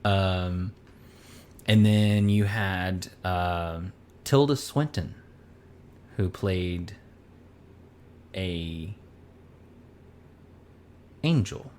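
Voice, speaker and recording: Deep, slow-talking man in casual chat. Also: a little mellow, a little hiss or hum. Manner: rambling, searching for names. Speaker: podcast co-host.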